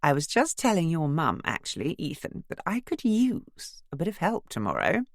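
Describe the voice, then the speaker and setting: A woman's voice: low voice, wildly swooping pitch, normal speed, dry recording, studio quality, pitched above the performer's own voice, full character voice. A woman voicing a posh, tactful neighbour with a cut-glass, breezy way of talking, in a storybook reading. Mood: polite.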